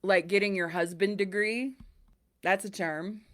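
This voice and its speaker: A woman's voice: medium pitch, measured pace. A woman co-hosting a podcast in casual chat, telling stories animatedly and acting out the people in them. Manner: animated storyteller, acts out both sides of the call. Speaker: podcast co-host. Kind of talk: casual chat, retelling a customer service call.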